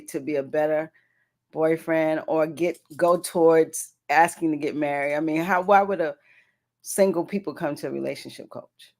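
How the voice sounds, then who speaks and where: A radio host interviewing a guest, curious, asking follow-up questions and giving quick affirmations. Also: mid-range voice, darkish tone.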